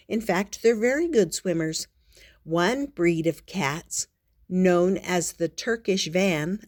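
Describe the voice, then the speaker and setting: This is an older woman in the part of a storytelling grandmother, with a lowish voice. She reads a children's picture book aloud unhurriedly, expressive throughout and sprinkling in playful asides.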